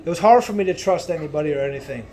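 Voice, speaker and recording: A man preaching a sermon in a loud, emphatic way, swinging between booming lines and hushed ones. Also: expressive, very fast, slight background noise.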